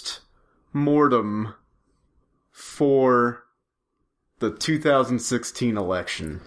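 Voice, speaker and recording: A man's voice: mid-range voice, animated, extremely slow. A man co-hosting a podcast in casual chat, joking and rambling with his friend. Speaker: podcast co-host.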